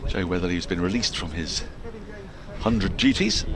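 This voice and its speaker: A man with a low, deep voice calls live cricket with a playful, jokey delivery. His pitch swings widely as he talks. Clear open-air ground noise sits under his voice. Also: lively intonation, moderate pace. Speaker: lead cricket commentator.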